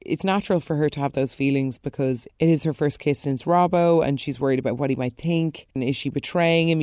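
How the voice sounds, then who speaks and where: Casting note: woman, low voice, chatty and opinionated recap host, dry close sound. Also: mellow, no echo. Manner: chatty, opinionated, exclaiming in high bursts. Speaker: soap opera recap host. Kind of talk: casual recap commentary.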